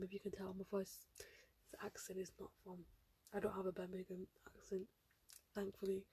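A teenage girl hosts her own podcast, rambling along with plenty of fillers. Her voice is husky and mellow, with little rise and fall. She sounds close to the mic, dry and unroomy. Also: mid-range voice, no echo. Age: teens. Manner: rambling, filler-heavy, chatty. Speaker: podcast host. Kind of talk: casual solo podcast chat.

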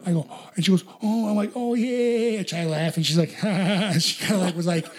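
Fast, higher-pitched young podcast host, loose rambling storyteller. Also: male voice, a crowd in the background. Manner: rambling storyteller, heavy on "dude" and "like". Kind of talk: casual podcast chat.

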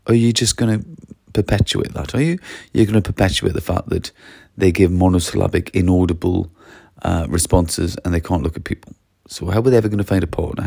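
Gravelly man on school habits. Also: sits low, a little mellow, no echo, studio quality. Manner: emphatic, rhetorical questions, acts out pupils' replies. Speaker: education commentator. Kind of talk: opinionated talk to camera.

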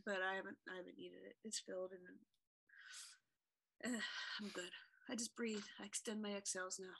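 A woman's voice: mid-range voice, steady tone, fairly quick, vocal fry, a bit bright, husky. A woman co-hosting a podcast in casual chat, talking freely with lots of fillers and frequent laughter. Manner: chatty, laughs often, many fillers. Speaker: podcast co-host.

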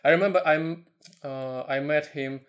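A man's voice: a little high, normal speed, a bit bright. A man from Russia speaking English with a Russian accent, hesitant and full of fillers in a casual chat. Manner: hesitant, many fillers, searches for English words.

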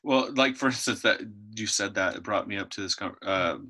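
A man's voice: lowish voice, fairly quick, pushed and bright. A man in his thirties co-hosting a casual faith-based chat, telling a story and acting out the lines he quotes. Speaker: podcast co-host.

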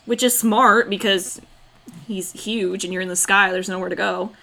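A young woman with a bright, ringing voice talks loosely and fast. She swears often and acts out lines from the film she is recapping. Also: mid-range voice, fairly even intonation, creaky. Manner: swears freely, acts out quotes, laughs often. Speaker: podcast co-host recapping a film. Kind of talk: casual chat.

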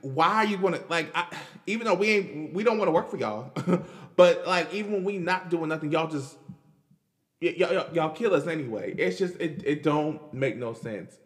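Male podcast host, fairly high voice, emphatic and repetitive, in a reverberant space. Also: lively intonation, moderate pace. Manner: emphatic, repetitive, stammering restarts. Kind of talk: casual solo podcast monologue.

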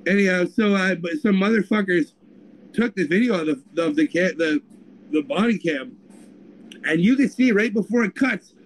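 A man's voice: high-pitched, moderate pace, a little hiss or hum, poor audio. A man co-hosting a podcast, telling a story in crude, rambling casual chat. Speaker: podcast co-host.

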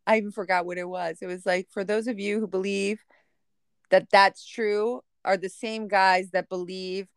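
A woman's voice: mid-range voice, little pitch movement, moderate pace, clean tone, no echo, clean studio sound. A woman chatting casually as maid of honor, blunt and playful, often laughing. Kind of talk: casual chat.

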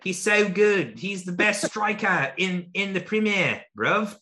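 Brash English football lad, put on by a man, higher than his own voice, bright and lively, slangy and boastful. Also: measured pace, full character voice. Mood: gushing. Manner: chanting, laddish slang.

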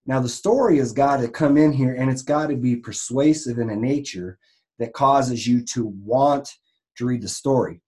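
A man in online marketing for a raw vegan health business gives a casual, rambling teaching talk. His mid-range voice is mellow and moves at a normal speed, and his speech is full of restarts and fillers.

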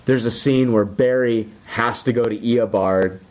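Male podcast host, casual recap, excitable and profane. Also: medium pitch, a little slow. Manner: excited, swears a lot, acts out quotes. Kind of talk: casual chat.

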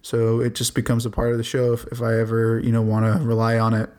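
A man's voice: medium pitch, completely flat delivery, fast talker, darkish tone. A young man, a college student, hosting his own solo podcast in a rambling, laid-back way, with casual swearing. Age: young adult. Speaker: podcast host.

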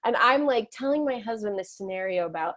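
A woman's voice: mid-range voice, expressive, a little fast, fairly bright tone. A woman in her thirties, a guest telling stories with animation, laughing and acting out quotes. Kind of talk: storytelling in conversation.

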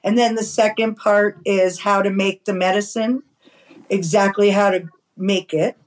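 A woman from New York City speaks as a podcast guest, quick and insistent, piling one point on the next. Her voice sits at an ordinary middle pitch, and she stresses her claims with force. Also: steady tone, low-quality recording. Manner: fast, enthusiastic, emphatic. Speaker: guest, cannabis medicine grower. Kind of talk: casual interview chat.

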